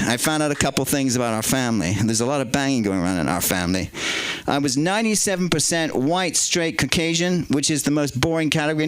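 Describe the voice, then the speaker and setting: A man's voice: mid-range voice, poor audio. A man doing crude stand-up comedy in a club, chatting with and teasing the crowd.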